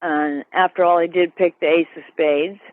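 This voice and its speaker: A woman guest being interviewed, speaking earnestly and haltingly with many fillers and tag questions like "right?". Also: lowish voice, steady tone, dry recording. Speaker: guest, sister of a late musician. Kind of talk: candid interview over the phone. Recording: dry tinny phone line.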